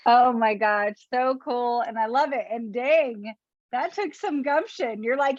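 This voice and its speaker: A woman's voice: a little high, measured pace, dry recording. A woman hosting a training call, reacting with enthusiasm and giving emphatic coaching. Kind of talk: casual coaching chat. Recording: dull lo-fi dry sound.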